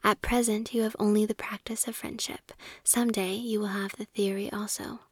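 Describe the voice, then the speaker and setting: A woman's voice: medium pitch, little pitch movement, normal speed, breathy edge, no room sound, close to an everyday voice. Smug preachy miller dude, whispered by a woman, whispered role-play, dry close sound. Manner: preachy and condescending. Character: smug self-righteous male miller lecturing a friend.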